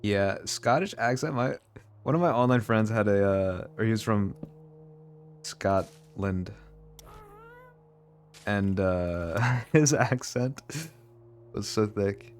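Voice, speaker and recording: A man's voice: on the low side, slow pace, long pauses, a little hiss or hum. A man live-streaming a building game, chatting casually with his viewers and laughing often. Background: faint background music.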